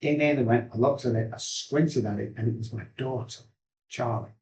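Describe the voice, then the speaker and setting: A man's voice: mid-range voice, normal speed, darkish tone. A man, an addiction specialist earnestly telling his life story in rambling, heartfelt sentences. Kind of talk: emotional personal storytelling. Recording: roomy echo.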